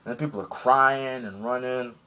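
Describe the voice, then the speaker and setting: Casual male fan reviewer, mid-pitched, chatty and loose, lots of fillers. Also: steady tone, bright, forceful tone, smooth. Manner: rambling, chatty, frequent "um" and "like"; slips into quick high voices when quoting characters. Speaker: anime episode reviewer.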